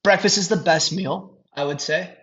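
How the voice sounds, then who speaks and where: Minnesota dude on a podcast, kinda high voice, laughs a lot, muffled lo-fi audio. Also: male voice, normal speed, a crowd in the background. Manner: animated storyteller, laughs often, many restarts. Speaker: podcast guest. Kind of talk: casual podcast chat. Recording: dull lo-fi sound.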